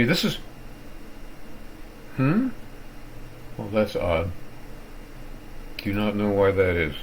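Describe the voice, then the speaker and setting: A man's voice: deep voice, fairly bright tone, slight background noise, rough recording. Tired older man rambling through a rant. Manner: digressive, wry, with theatrical asides. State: tired, low on energy. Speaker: vlogger ranting about his internet provider. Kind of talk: rambling screen-recorded rant.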